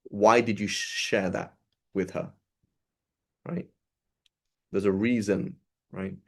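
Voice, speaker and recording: Man, low voice, casual religious talk, conversational, keeps asking "right?". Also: steady tone, slow pace, gravelly. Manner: conversational, repeats "right?" often. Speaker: religious teacher. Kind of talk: informal sermon.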